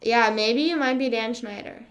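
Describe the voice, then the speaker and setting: Speaking in a slightly high voice at a moderate pace, a young streamer hangs out casually with her live audience. She's sarcastic, swears, and leans heavily on filler words.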